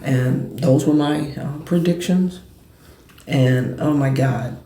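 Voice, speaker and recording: A man hosting a casual sports and cigar talk show, telling stories in quick, animated bursts. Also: medium pitch, roomy sound, a little hiss or hum.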